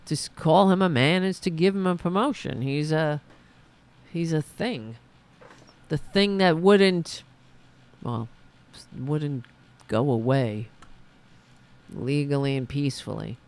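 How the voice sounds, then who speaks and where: A woman hosting a political podcast, ranting with sarcasm and outrage, dropping to mutters and rising to shouts. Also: slow pace. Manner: broad pitch swings from muttering to shouting. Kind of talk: ranting commentary.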